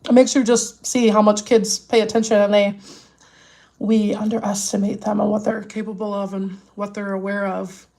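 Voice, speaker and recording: A woman's voice: medium pitch, little pitch movement, normal speed, vocal fry, dark tone. A woman and mother chatting casually with viewers, worried and rambling with many restarts, upset and near tears. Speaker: vlogger. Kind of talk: casual live chat with viewers.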